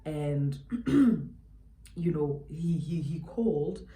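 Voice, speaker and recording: A South African woman with a low, mellow voice tells a story to the camera while doing her makeup. She talks in an emphatic, chatty way and repeats key lines for weight. The recording has the echo of a bare room at home. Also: steady tone, takes it slowly. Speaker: beauty YouTuber.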